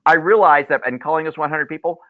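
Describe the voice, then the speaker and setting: Guy coaching loan officers, fairly high voice, repeats himself for punch, thin phone-line sound. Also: fast talker, no echo. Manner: animated storyteller, repeats key phrases. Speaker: mortgage loan officer presenter. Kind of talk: webinar sales coaching talk. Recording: tinny dry phone-like line.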